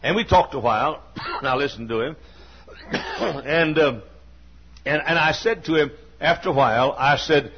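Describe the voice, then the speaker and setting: This pastor, a man in his sixties, shares personal stories from the pulpit of a church sanctuary in a folksy, earnest manner, frequently restarting and coughing. His voice is on the high side and husky, measured with long pauses, and the recording is lo-fi and dull.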